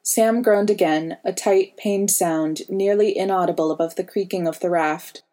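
A woman narrating a story in a steady, even reading voice. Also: mid-range voice, moderate pace. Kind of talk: audiobook reading.

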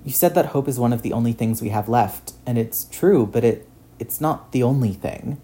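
A man's voice: mid-range voice, moderate pace, mellow, lightly acted. A man voicing an earnest, shaken teenage boy hero who stammers and restarts his sentences.

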